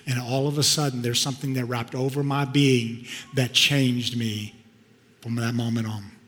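Emotional pastor in a reverberant hall. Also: male voice, mid-range voice, level tone, moderate pace. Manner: emotional, shifts from loud outbursts to hushed tones. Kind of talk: sermon storytelling. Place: church sanctuary. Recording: long reverb of a large hall.

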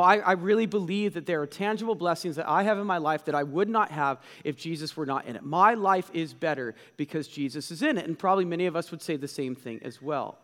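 Animated preacher with a high, lively voice. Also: male voice, in a large hall. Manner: animated, repeats phrases for emphasis. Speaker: pastor. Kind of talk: sermon.

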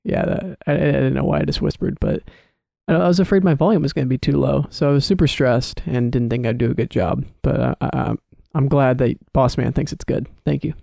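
A young man in his early twenties co-hosts a podcast in an easygoing, chatty way, sometimes stumbling over his first words. His voice has a gravelly edge and a warm, mellow tone. The sound is close and dry, with no room behind it. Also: mid-range voice, a little fast, no echo. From Chicago area. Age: early 20s. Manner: relaxed, repeats words when starting sentences. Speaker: podcast co-host. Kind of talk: casual chat.

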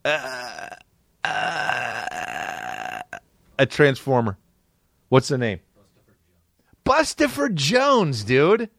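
Animated, swearing male comedian. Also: mid-range voice, drawn-out words, vocal fry, long pauses, no room sound, clean studio sound. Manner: excitable, swearing, jumping between voices. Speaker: comedy podcast host. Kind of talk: profane comedic rant.

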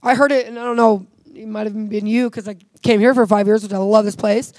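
A woman's voice: medium pitch, steady tone, a little fast, darkish tone, dry recording. A woman sharing a heartfelt personal faith testimony in conversation, earnest and full of "like" fillers.

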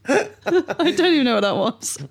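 A woman co-hosting a comedy podcast, sarcastic and quick to laugh and swear. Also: sits high, animated, vocal fry. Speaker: podcast co-host. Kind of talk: casual comedic podcast banter.

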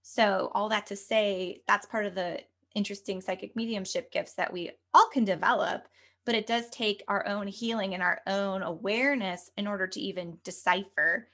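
A woman's voice: medium pitch, steady tone, normal speed, fairly bright tone. A woman speaking as a guest medium and spiritual coach on a podcast, talking earnestly and chattily, full of "like" and "you know". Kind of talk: conversational podcast interview.

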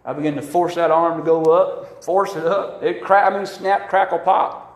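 In an echoey room, a pastor in middle age delivers a sermon at a moderate pace, his voice on the high side. His storytelling is folksy and lively, with quotes he acts out.

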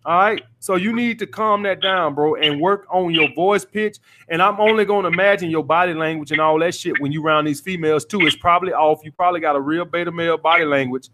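A man's voice: fairly high pitch, brisk, few pauses, background noise. A man hosting a call-in dating advice podcast, blunt and profane, repeating his points as he coaches a caller.

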